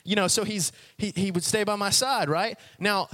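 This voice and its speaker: A man's voice: sits high, moderate pace. A young adult man, a youth pastor, giving a casual sermon, telling stories animatedly and acting out voices with frequent laughs. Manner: animated storyteller, acts out voices, laughs often.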